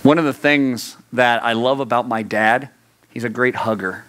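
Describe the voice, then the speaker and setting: An earnest male youth preacher who drives his points home through repetition. He climbs into urgent emphasis, then drops to a hushed, close tone. His delivery stays direct and personal throughout. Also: mid-range voice, fairly even intonation, moderate pace. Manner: earnest, swings from raised urgency to hushed intimacy; repeats phrases for emphasis. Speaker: youth pastor. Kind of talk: sermon.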